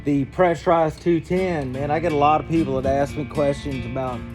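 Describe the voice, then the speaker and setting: A man's voice: a little high, fairly even intonation, normal speed, music in the background. Folksy Georgia man in a hangar. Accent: Southern US, Georgia. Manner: folksy and chatty, with frequent fillers. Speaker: flight instructor and aircraft demo host. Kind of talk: casual walkaround vlog. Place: aircraft hangar.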